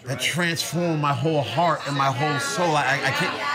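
A man preaching a sermon with passion, his voice rising to shouts at its peaks. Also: on the high side, normal speed, heavy background noise. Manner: impassioned, building to shouts. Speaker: pastor. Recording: crowd audible behind.

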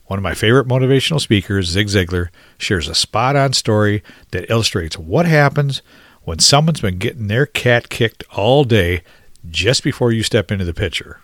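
A man's voice: on the low side, animated, normal speed, no echo, studio quality. A man hosting a podcast, introducing a segment earnestly. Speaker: podcast host and life coach.

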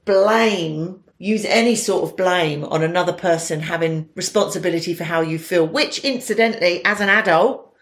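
A woman's voice: on the low side, normal speed, hardly any pauses. A woman co-hosting a podcast who talks bluntly, swears freely and laughs often. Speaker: podcast co-host. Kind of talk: casual astrology chat. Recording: echoey room.

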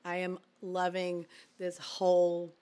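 Raspy, hoarse woman, playful. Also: on the low side, monotone, slow, mellow. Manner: playful, open, laughs easily. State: recovering from flu, hoarse. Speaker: guest, host's wife. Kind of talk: casual podcast chat. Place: home office at a table. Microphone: studio mic with headphones.

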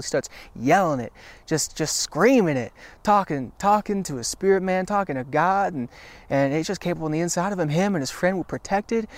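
A man's voice: sits high, expressive. A man giving an earnest devotional talk to camera. He repeats phrases for emphasis and often restarts his sentences. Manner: halting with frequent restarts. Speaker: Christian video teacher.

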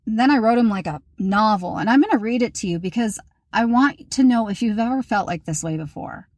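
Her voice a little high and expressive, this woman in her thirties talks fairly quickly on her solo podcast. It's casual, candid, chatty talk about her week, full of self-mockery, recorded with no room sound.

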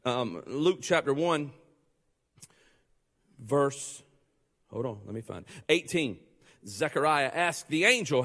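A male pastor preaching a sermon, joking and conversational, then building to loud, fervent passages. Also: medium pitch, animated, takes it slowly, pauses often, in a large hall.

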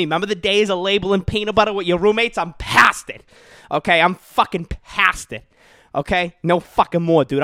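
Young guy rambling on his home podcast, cussing a ton, kinda high voice, dead dry sound. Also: fairly bright tone, dry recording. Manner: profane, brash, rambling, says dude and okay a lot. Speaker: comedian podcast host. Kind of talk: casual solo podcast rant.

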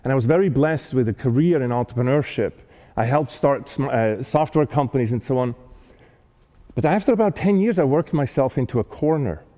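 A man giving a talk, telling a personal story in an earnest, animated way with frequent restarts. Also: medium pitch, fairly quick, long reverb tail. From not American-born.

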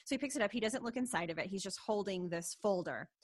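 A woman co-hosting a podcast, recapping a show in casual chat, giggly and animated with many fillers. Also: mid-range voice, quick pace. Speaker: podcast co-host.

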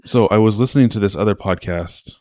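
A man's voice: lowish voice, brisk, noisy background. A man hosting a podcast, chatting casually and telling anecdotes. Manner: relaxed, chatty, interjecting. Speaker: podcast host.

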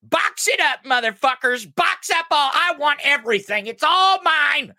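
A man's voice: lively intonation, a little slow, bright, forceful tone, no echo, clean studio sound, exaggerated voice. A man putting on the voice of a whiny, petulant aging male politician who shrilly demands everything. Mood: whining. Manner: shrill, whining, greedy demands.

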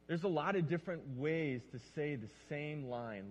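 A male pastor preaching a lively sermon and acting out lines. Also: fairly high pitch, normal speed, a little hiss or hum. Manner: animated, acts out lines. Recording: long reverb of a large hall.

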